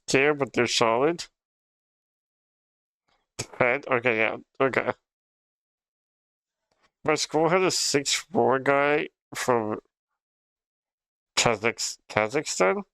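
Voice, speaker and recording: Slow, bright-voiced young man streaming. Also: mid-range voice, animated, smooth, no echo. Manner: rambling, profane, laughs often. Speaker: livestreamer. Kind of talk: casual stream chat.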